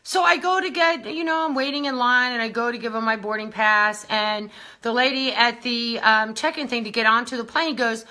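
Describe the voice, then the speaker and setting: Woman, live-stream host, high voice, out of breath, chatty, greets viewers, laughs a lot. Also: normal speed, sharp tone. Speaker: beauty brand founder hosting a live stream. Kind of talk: casual live-stream chat.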